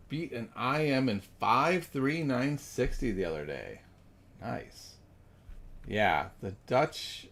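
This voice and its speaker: A man's voice: medium pitch, very animated, slow pace, gravelly, long pauses, fairly bright tone, husky. A man thinking aloud as he solves chess puzzles, musing and correcting himself, then chatting with viewers. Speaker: chess streamer.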